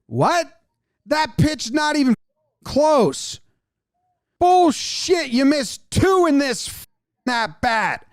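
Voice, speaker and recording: A man voicing a furious middle-aged male baseball manager in a comedy impression, shouting and cursing through a rant. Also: extremely high pitch, dry recording, clean studio sound, exaggerated voice. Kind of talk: comedy impression with voiced lip-reading.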